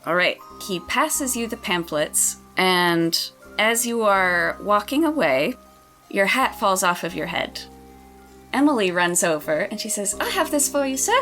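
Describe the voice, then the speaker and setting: A woman narrating and running a tabletop role-playing game in a relaxed, chatty way. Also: medium pitch, a little slow, soft background music. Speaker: game master.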